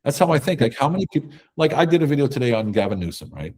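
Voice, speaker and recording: A man guest in a conversational interview, talking emphatically and telling animated stories. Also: medium pitch, rapid-fire. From America. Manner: emphatic, animated storytelling with acted quotes.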